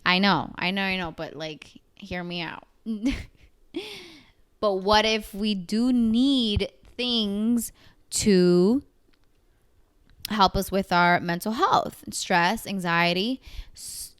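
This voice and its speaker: A woman's voice: mid-range voice, slow, clear, resonant tone. A woman in her twenties co-hosting a casual podcast chat, thinking aloud with fillers and frequent laughs. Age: 20s. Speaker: podcast co-host.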